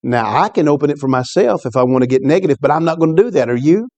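A man's voice: a little high, lively intonation, quick pace, darkish tone, lo-fi sound. A man preaching a sermon as pastor, addressing the congregation with asides like "come on" and "amen". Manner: preaching with call-and-response asides.

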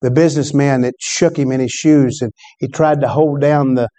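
A man's voice: medium pitch, fairly even intonation, moderate pace, warm tone. A man preaching a sermon, telling a story in a conversational way and calling out to the congregation. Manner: storytelling preacher, conversational with call-and-response asides.

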